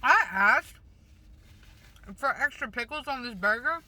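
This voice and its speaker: Bright-voiced woman chatting while eating. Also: a little high, lively intonation, measured pace. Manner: talks with mouth full while eating; rambling, self-conscious, blunt. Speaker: vlogger. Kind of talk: casual rambling mukbang chat. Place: parked car.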